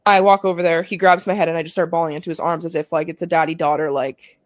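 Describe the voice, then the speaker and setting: A woman's voice: lowish voice, fairly even intonation, quick pace, dry recording. Candid young woman telling her story. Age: 20s. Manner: candid, profane, fillers of "like", emotional retelling. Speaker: guest, pro soccer player. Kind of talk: casual podcast storytelling.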